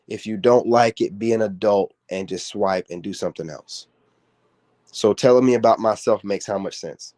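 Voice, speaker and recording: A man's voice: lowish voice, darkish tone. A man ranting on a livestream, confrontational and scolding, heavy on slang. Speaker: social media commentator.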